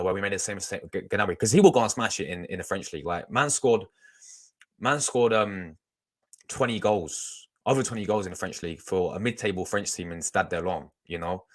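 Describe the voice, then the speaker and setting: Deep voiced young guy, rambly casual stream chat, talks to his viewers. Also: brisk. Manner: rambling, chatty, talks to chat, restarts a lot. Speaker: fan channel host reacting on a live stream.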